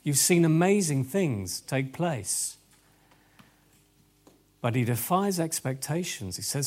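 Guy preaching, high voice that swings all over, bursts out with exclamations. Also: slow, long pauses. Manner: animated, exclamatory, talks straight to the audience. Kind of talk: lively sermon. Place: event hall with tables.

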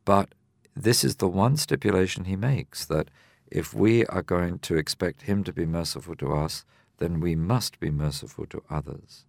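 Deep gravelly man explaining scripture. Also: a little mellow, no room sound, clean studio sound. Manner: measured, explanatory, reads scripture aloud. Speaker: Bible teacher. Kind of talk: radio Bible discussion.

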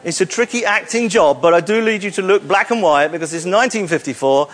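On a hall stage, a male presenter leads a live audience, coaxing volunteers with playful, teasing jokes. He has a high voice and talks fast.

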